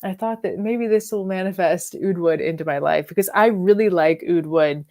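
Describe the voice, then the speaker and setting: A woman's voice: lowish voice, moderate pace, a little mellow, no room sound. Chatty young woman live-streaming. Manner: chatty, rambling, laughs often. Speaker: fragrance vlogger. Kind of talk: casual live-stream chat.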